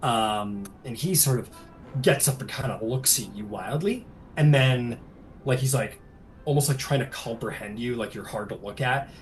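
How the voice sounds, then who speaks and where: A man narrating a tabletop game as game master, soft-spoken and rambling with many fillers. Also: mid-range voice, normal speed, soft background music.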